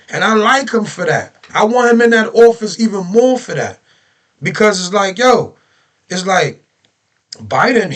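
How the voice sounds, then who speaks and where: High pitched dude ranting on his reaction vid, aave, keeps asking rhetorical questions. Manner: animated, ranting, repeats himself, rhetorical questions. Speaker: reaction video host. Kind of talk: heated political reaction commentary.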